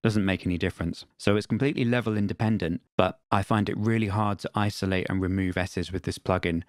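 Low-voiced man explaining audio software. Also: fairly even intonation, fast, dry recording, studio quality. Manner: plain, matter-of-fact explaining with repeated test phrases. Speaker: music production tutor. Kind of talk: screen-recorded software tutorial.

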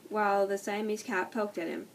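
A woman reads a children's storybook aloud at a middle pitch, careful and unhurried. She often stumbles and restarts her words. Her voice sounds distant from the mic, over a faint hiss. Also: steady tone, creaky. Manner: slow, careful reading with frequent slips and restarts. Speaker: storybook reader. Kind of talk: reading a children's book aloud.

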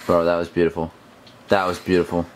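A man's voice: sits low, completely flat delivery, fairly quick, slight background noise. A teenage boy chatting with a friend in a bedroom, laid-back and full of slang. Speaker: friend and fellow YouTuber. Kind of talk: casual chat.

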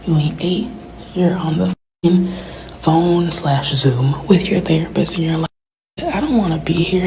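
A woman ranting candidly about herself, profane and frank, often dropping into soft whispered asides. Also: fairly low pitch, fairly even intonation, normal speed, noisy background. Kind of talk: candid personal rant.

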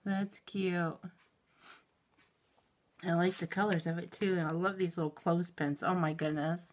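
A middle-aged woman opening a mail package in a home vlog, gushing and giggling, shaky with excitement. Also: fairly low pitch, normal speed. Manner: gushing and giggly, exclaims often. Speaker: YouTube reviewer. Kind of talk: unboxing vlog.

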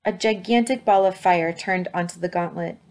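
Low-voiced woman reading a story aloud. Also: normal speed, a little mellow. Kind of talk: read-aloud storybook narration.

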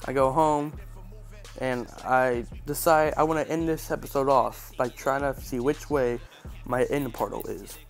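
A man's voice: medium pitch, steady tone, measured pace, soft background music. A man with a stuffy, congested nose giving casual, joking and sarcastic game commentary. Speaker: gaming channel host.

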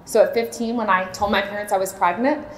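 A maternity home director in her late thirties, from Florida, speaks fairly quickly with fairly even intonation in her mid-range voice. Her testimony at a church seminar is heartfelt and candid, captured in an echoey hall with a little hiss or hum.

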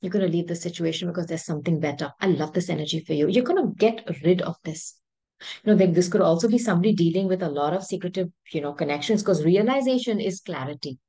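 A woman's voice: on the low side, quick pace, mellow, husky, low-quality recording. A woman giving a spoken tarot reading straight to her viewers, emphatic and rambling. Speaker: tarot reader.

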